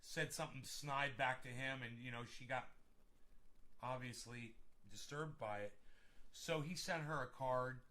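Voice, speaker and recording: Profane ranting man, bright voice. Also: mid-range voice, measured pace. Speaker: vlogger. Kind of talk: casual solo rant.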